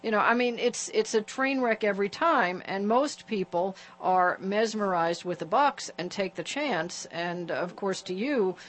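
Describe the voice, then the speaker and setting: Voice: mid-range voice, expressive, measured pace, hardly any pauses, a bit bright. An interview host asking curious, encouraging questions about a guest's radio career.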